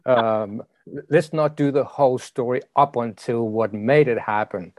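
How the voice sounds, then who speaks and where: A man from Europe, a life coach, talks as a podcast guest. He speaks in a halting way and often repeats words, and he is recorded dry and close to the mic. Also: medium pitch, dry recording. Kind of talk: casual interview chat.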